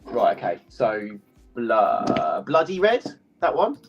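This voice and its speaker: A man's voice: mid-range voice, wildly swooping pitch, slow pace, highs cut off, music in the background. A man co-hosting a casual chat, teasing and laughing often.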